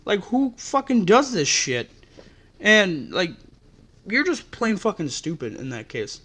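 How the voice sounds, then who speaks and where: A man's voice: high-pitched, very animated, a little slow, fairly bright tone. A man hosting a podcast, telling customer-service stories in an exasperated, profane rant. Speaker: podcast host. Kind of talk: ranting storytelling.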